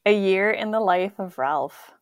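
Slow-talking woman telling dog stories. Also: mid-range voice, lo-fi sound, a crowd in the background. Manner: chatty storyteller, uses "like" often. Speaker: podcast co-host. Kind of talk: casual chat.

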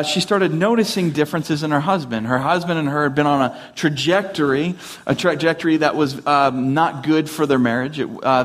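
A male pastor preaching to his congregation in a relaxed, conversational manner. His voice sits a bit higher than most men's. He restarts and corrects himself often and slips in dry humor. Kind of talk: conversational sermon.

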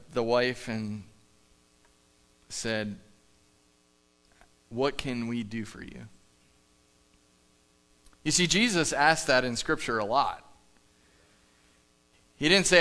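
A pastor with a Midwestern American accent preaches in a church sanctuary, telling a story in an earnest, conversational way and acting out the dialogue. His mid-range voice is clear, sharp and resonant, picked up by a live stage mic.

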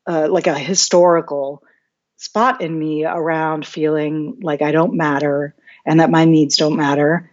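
A woman's voice: sits low, little pitch movement, measured pace, highs cut off. A woman guest telling a candid personal story, open and reflective, often restarting her sentences. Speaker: podcast guest.

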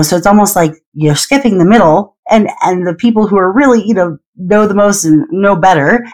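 Low-voiced woman hosting a podcast. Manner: thinks aloud with many fillers and restarts. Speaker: podcast host. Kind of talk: conversational interview.

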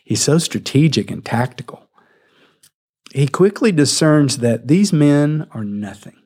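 A man preaching a sermon, retelling a scripture scene in a lively, storytelling way. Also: on the high side, measured pace. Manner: animated storytelling, acting out the scene.

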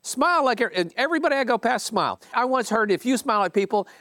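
Animated man leading a meeting. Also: fast talker, no echo, clean studio sound. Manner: animated, emphatic, jumps high in pitch when stressing a point. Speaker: company owner leading a team meeting. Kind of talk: casual book commentary to a team.

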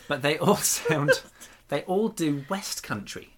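A man's voice: on the high side, expressive, takes it slowly, a loud crowd. A man hosting a podcast in casual chat, joking and rambling with frequent laughs. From Norfolk, England. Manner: jokey, rambling, laughs often. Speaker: podcast host.

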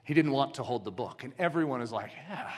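A man's voice: medium pitch, animated, fast, a little mellow. A man preaching a sermon, telling a story dramatically and asking his audience questions. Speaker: pastor.

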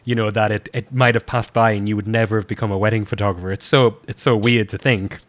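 A man's voice: fairly low pitch, steady tone, quick pace. A man hosts a podcast in a chatty, self-deprecating way. He jokes about himself and laughs easily. His tone stays loose and conversational. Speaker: podcast host. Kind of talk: casual podcast chat.

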